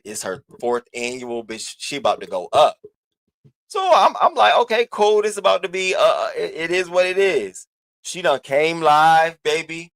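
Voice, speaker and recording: A man's voice: mid-range voice, a bit bright, no echo. A man hosting a live stream, giving sassy, profane commentary and calling out viewers in the chat by name. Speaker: livestream host.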